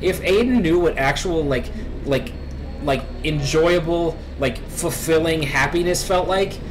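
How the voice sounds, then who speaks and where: A man's voice: a little high, measured pace, noisy background. A young man giving emotional, profanity-laden let's play commentary, rambling as he reacts. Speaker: gaming YouTuber.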